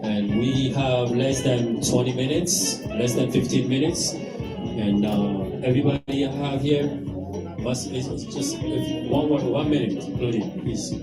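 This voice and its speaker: Man emceeing over loud guitar. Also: mid-range voice, expressive. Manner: hurried, organizing, many fillers. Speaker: event chair and emcee. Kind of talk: hosting a memorial event. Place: indoor event hall. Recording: echoey hall from far off with loud guitar music. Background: guitar music.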